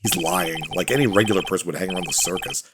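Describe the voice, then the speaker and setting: A man's voice: sits low, fast, very noisy, pitched below the performer's own voice, close to an everyday voice. A man voicing a dry, exasperated young male defense attorney over game music. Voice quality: deadpan.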